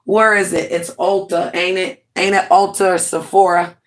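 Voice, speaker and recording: A woman's voice: fairly low pitch, moderate pace. Chatty woman livestreaming from home. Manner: chatty, animated, laughs often, talks to chat directly. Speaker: livestream host. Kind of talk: casual livestream chat.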